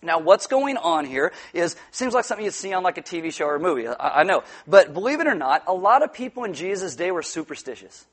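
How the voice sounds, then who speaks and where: A man preaching a sermon in an animated, joking manner, acting out quotes. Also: high-pitched, fast, hardly any pauses. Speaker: pastor.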